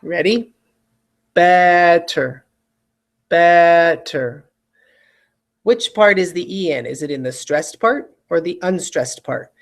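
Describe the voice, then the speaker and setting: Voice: mid-range voice, expressive, moderate pace. An adult spelling teacher giving a recorded video lesson, patiently repeating each word twice and checking in with students.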